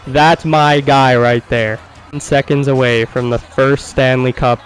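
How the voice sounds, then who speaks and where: A man commentating his own video game as he plays, excitable and profane, swinging from quiet muttering to loud cheering. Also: mid-range voice, takes it slowly, faint music behind, rough recording. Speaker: gaming YouTuber.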